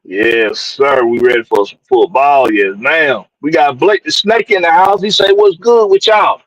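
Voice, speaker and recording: A man's voice: fairly high pitch, measured pace, fairly bright tone, no echo, rough recording. A man from hosts a casual live-stream sports show, loose and jokey, reading out viewers and tossing in "man" all the time. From Georgia, USA. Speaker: podcast host.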